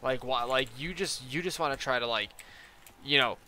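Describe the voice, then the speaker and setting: A man's voice: mid-range voice, normal speed, bright, forceful tone, a little hiss or hum. Rambling young man streaming a game. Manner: rambling storytelling with many fillers and quoted back-and-forth. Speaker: gaming streamer. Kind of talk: casual live-stream chat while playing.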